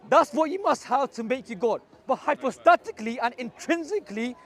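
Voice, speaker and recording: A man arguing theology in a heated public debate outdoors, rapid and insistent. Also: extremely high pitch, animated. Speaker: Christian street debater. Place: outdoor public park with crowd. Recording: busy outdoor crowd behind.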